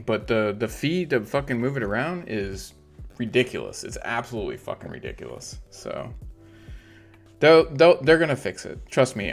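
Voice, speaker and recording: A man's voice: lowish voice, vocal fry. Swearing, frustrated male livestream host. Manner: frustrated, heavy swearing, ranting. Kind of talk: casual livestream rant.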